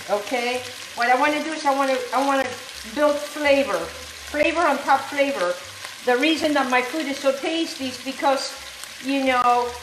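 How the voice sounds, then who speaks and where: A woman from Calabria hosting a cooking vlog in her home kitchen, talking in an animated, digressive way and often addressing the viewers as guys. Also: sits high. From Calabria, Italy. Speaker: cooking show host. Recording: echoey kitchen, faint cooking noise. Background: sizzling pan, stirring.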